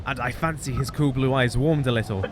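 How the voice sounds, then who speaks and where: A man's voice: medium pitch, fairly quick, slight background noise. A man streaming a game, reading its narration and dialogue aloud and joking with friends. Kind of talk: live-streamed game read-aloud with chat.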